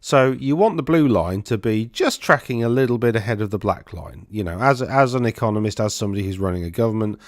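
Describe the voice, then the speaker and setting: A man's voice: on the low side, animated, quick pace, hardly any pauses, no room sound, studio quality. A man, a financial planner, explaining economic charts in a casual, thinking-aloud way on his own microphone. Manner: conversational, loose and thinking aloud.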